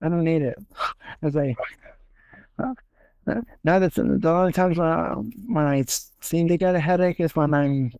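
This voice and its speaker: Young guy host, rambles w lots of "like", higher voice, dry close sound. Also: unhurried, vocal fry, pauses often, a little mellow, no echo. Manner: rambling, many fillers and self-corrections. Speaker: podcast host. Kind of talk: casual interview chat.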